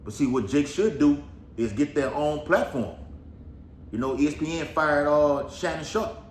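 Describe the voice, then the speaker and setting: A man's voice: on the high side, normal speed. A man giving casual, rambling Bible prophecy commentary, full of swearing and repeated "all right"s. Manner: rambling, profane, keeps saying "all right". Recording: echoey room with faint noise.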